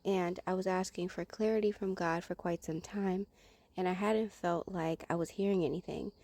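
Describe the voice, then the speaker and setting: Woman with a low, gravelly voice. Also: fairly even intonation, normal speed, dark tone, no room sound. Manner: earnest, conversational, acts out her own past reactions. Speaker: Christian sharing a personal testimony. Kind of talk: personal testimony storytelling.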